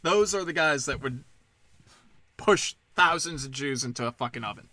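A man's voice: mid-range voice, lively intonation, moderate pace, pushed and bright, no echo. A man ranting in a casual monologue, sarcastic and profane, slipping into mocking impressions.

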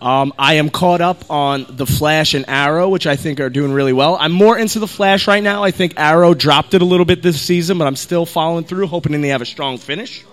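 Young guy on a podcast, bright punchy voice, excitable, laughs a lot. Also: fairly high pitch, a little fast, few pauses. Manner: excitable, laughs often, acts out quoted scenes. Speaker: podcast panelist. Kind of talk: casual podcast chat.

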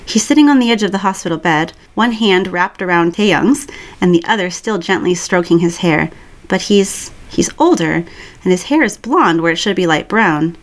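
A woman's voice: on the low side, animated, moderate pace. Woman reading a story aloud. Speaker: reader. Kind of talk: reading fan fiction aloud.

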